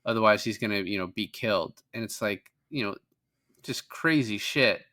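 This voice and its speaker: Casual male podcast co-host, bright forceful voice, rambling profane recap. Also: fairly low pitch, moderate pace. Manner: rambling, profane, quotes characters in passing. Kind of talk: casual film recap chat.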